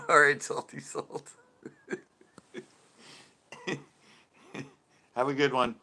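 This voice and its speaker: Sex: man. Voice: bright, laughing live-stream host. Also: mid-range voice, very slow, vocal fry. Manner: chatty, laughs often between remarks. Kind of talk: casual live-stream chat with viewers. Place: at home.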